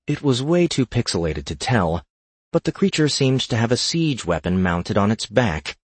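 A man reading a fantasy gaming story aloud in a steady narrating voice. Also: medium pitch, normal speed, slightly rough, no room sound.

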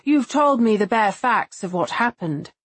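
A woman voicing a composed professional woman who asks smooth, musing, probing questions in an audiobook. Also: fairly high pitch, expressive, a little slow, no room sound.

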